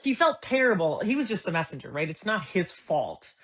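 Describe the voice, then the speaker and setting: A woman's voice: fairly low pitch, a little fast. A middle-aged woman telling a story as an interview guest, acting out the dialogue as she goes. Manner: animated, acts out quoted dialogue. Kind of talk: conversational storytelling.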